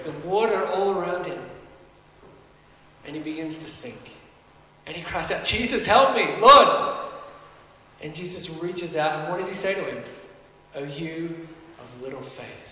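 A pastor with a high-sitting, slightly bright voice preaches a sermon, earnest and conversational, building emphasis as he goes. The recording is from an echoey hall with the mic at a distance.

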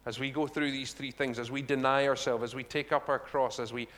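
In a church hall, a man preaches a chatty, animated sermon, often turning to the congregation with quick asides. His voice sits at an ordinary middle pitch, a long hall reverb trails each phrase, and there's a little hiss or hum.

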